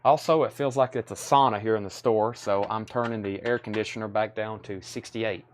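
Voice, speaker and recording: A man's voice: fairly low pitch, steady tone, a little hiss or hum. Man auctioning records on a livestream. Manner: brisk, repeats titles, grades and prices. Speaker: record store livestream seller. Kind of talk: live sales patter. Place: record store.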